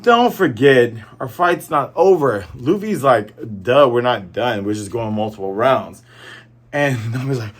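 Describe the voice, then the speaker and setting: A young man hosting a manga review, casually recapping a chapter and acting out the characters' lines in quick, playful voices. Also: mid-range voice, expressive.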